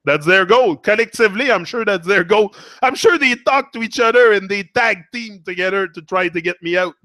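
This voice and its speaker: A man's voice: high-pitched, normal speed, pushed and bright, dry recording, studio quality. A man with a Quebec French accent in a casual, rambling live monologue as a motivational streamer. He swears freely and talks back to a viewer.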